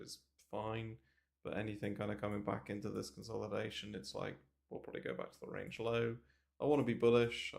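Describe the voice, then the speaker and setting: This crypto trading streamer has a fairly low, creaky voice. Into a desk mic brought right up to his mouth in a small, sparse room, he rambles casually about the markets, swearing here and there and leaning on plenty of fillers.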